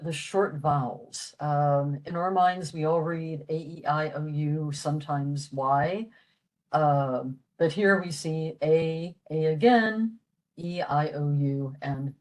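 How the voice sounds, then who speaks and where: A woman's voice: low-pitched, darkish tone, rough recording. An older woman from western Pennsylvania giving a patient, explanatory library talk, with frequent fillers. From western Pennsylvania, USA. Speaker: library program presenter. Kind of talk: informal language lecture.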